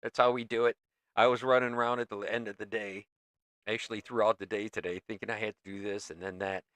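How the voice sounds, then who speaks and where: A man's voice: lowish voice, flat delivery, fast talker, fairly bright tone, no echo. A man hosting a livestream, chatting casually to his viewers in a loose, rambling way. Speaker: livestream host.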